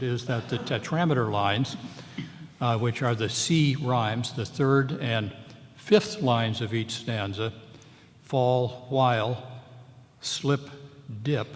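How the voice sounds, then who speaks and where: A man, an English professor on a memorial panel, giving a measured close reading of a poem and slowing down to sound out lines of verse. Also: medium pitch. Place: large lecture hall at a memorial event. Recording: long hall reverb.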